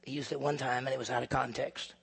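A man preaching a sermon in a church, emphatic, swinging between loud peaks and low, quiet stretches. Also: flat delivery, quick pace, creaky, husky. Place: church sanctuary. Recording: long reverb of a large hall.

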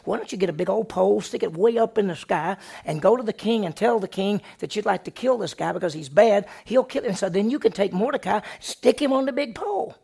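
A storyteller puts on a scheming wife who talks fast and eagerly. The voice is husky and a little gravelly. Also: mid-range voice, lively intonation, darkish tone, pitched above the performer's own voice.

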